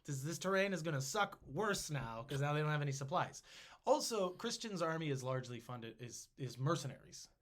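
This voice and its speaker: A man hosting a casual history podcast, telling the story in an animated, jokey way. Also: fairly high pitch, brisk. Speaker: podcast host.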